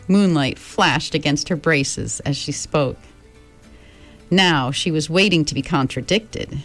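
A woman reading a story aloud in a calm, measured narrating voice. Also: deep voice, faint music behind. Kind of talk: audiobook narration.

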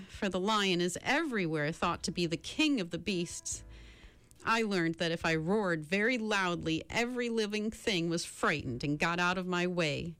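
A woman's voice: mid-range voice, a bit bright. Cowardly Lion, read by a woman, plaintive and sad. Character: timid male lion, big, cowardly, sorrowful. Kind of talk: storybook reading.

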